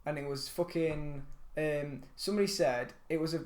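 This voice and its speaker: A man's voice: a little high, moderate pace, a little mellow, echoey room. A young man co-hosting a podcast in casual chat, blunt and ranting, swearing freely. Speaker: podcast co-host.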